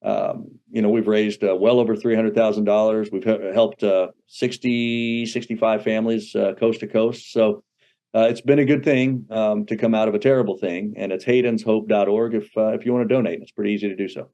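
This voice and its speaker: A man appearing as a podcast guest who talks in a friendly, relaxed way, with plenty of filler words. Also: lowish voice, a little fast, muffled recording. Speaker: guest, sports broadcaster. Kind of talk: casual interview chat.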